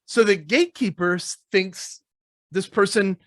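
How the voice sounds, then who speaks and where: A man's voice: high-pitched, measured pace, no echo, clean studio sound. A man who trains salespeople, talking in a casual interview and acting out phone calls, laughing often.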